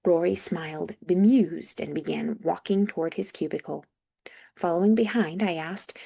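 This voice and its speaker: A woman's voice: sits low, normal speed, gravelly, dark tone, breathy edge. A young woman reading a first-person audiobook with dry, wry asides. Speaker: audiobook narrator.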